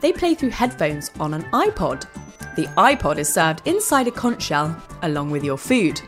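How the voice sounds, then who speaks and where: A woman hosting a children's podcast, reading a scripted narration in a bright, enthusiastic storytelling way. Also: low voice, big pitch swings, moderate pace, soft background music. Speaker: host.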